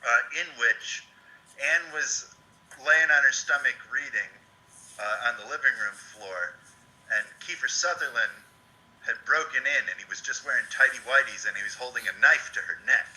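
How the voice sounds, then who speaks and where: A man's voice: mid-range voice, normal speed, poor audio. A man co-hosting a casual book-club chat, telling stories with jokey exaggeration. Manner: animated storyteller, jokey exaggeration. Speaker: podcast co-host.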